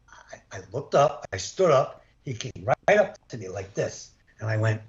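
A man's voice: mid-range voice, normal speed. Older man telling stories over a lo-fi call. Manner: animated, acts out quoted dialogue. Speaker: former baseball umpire. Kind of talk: storytelling in an interview. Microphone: video call.

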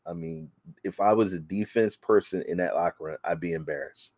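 A man co-hosting a casual sports chat, talking excitably with many halting restarts. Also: sits low, dry recording. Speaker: podcast co-host.

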